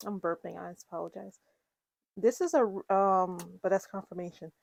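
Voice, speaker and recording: A woman's voice: on the low side, a little fast, gravelly, darkish tone, no room sound. A woman giving a casual, rambling tarot reading to her viewers, full of fillers and restarts. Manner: chatty, rambling, with fillers and self-corrections. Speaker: tarot reader.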